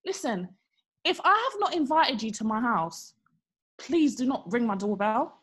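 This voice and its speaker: A woman's voice: on the high side, unhurried, slightly rough. A young woman, co-hosting a podcast and telling a story in casual chat, acting out the people she quotes. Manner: animated, acts out quotes with exaggerated voices. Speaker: podcast co-host.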